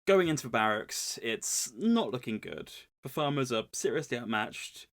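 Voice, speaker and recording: Male podcast co-host, wry deadpan recapper. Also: medium pitch, moderate pace. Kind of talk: casual book recap.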